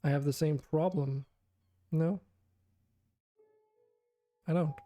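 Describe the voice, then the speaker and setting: A man's voice: fairly high pitch, steady tone, slow, mellow. A man streaming a game, chatting casually with viewers in a chatty, self-deprecating way and laughing often. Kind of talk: casual live-stream chat.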